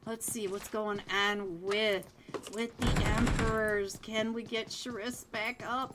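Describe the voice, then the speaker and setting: A young woman casting a live esports match, chatty and quick to laugh, calling out players by name. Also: mid-range voice, flat delivery, heavy background noise. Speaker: esports caster. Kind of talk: live game commentary.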